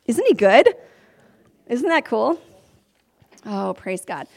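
A woman preaching a sermon, animated and earnest, talking straight to her listeners. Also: on the high side, slow pace, gravelly.

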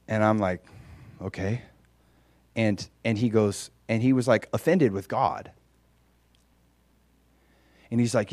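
A man preaching a conversational sermon, dropping quiet and then rising loud and emphatic. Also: fairly low pitch, takes it slowly, long pauses, no echo.

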